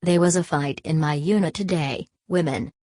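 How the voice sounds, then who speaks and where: Woman reading a gruff tubby migrant man. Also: deep voice, moderate pace, dark tone, no echo, close to an everyday voice. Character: tubby talkative male migrant, gruff and blunt.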